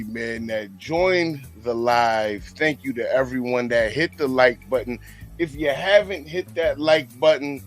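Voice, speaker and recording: A man hosts a livestream and reads out donations in casual, profane banter. His voice swings from low mutters to sudden laughing shouts. Faint music plays behind him. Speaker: livestream host.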